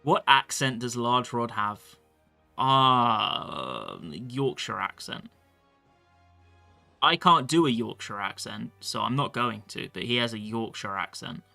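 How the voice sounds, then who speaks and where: A man's voice: medium pitch, animated, slow, vocal fry, sharp tone, faint music behind. A male streamer chatting casually about his game and reading chat messages aloud. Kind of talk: live-stream gameplay commentary.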